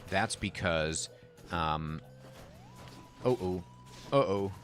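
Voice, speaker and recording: A man's voice: sits low, drawn-out words, a bit bright, soft background music. A man giving casual, chatty commentary while playing a video game and reacting aloud to the action. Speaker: game streamer.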